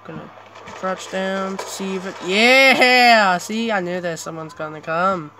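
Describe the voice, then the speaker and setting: A young man commentating his own gameplay, chatty and excitable, with sudden yelps between rambling asides. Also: high voice, normal speed. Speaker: gamer. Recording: clear background noise.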